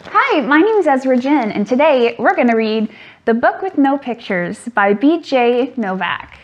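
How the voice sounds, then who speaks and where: A drag performer reading a silly children's book aloud at storytime, playful and mock-exasperated. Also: female voice, sits high, very animated, a little slow, dull audio, slight background noise.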